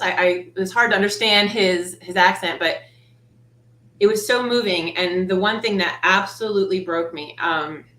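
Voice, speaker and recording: A woman's voice: lowish voice, fairly bright tone. A woman co-hosting a panel discussion, emotional and shaky, fighting back tears as she talks. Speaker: co-host. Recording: roomy echo with faint hiss.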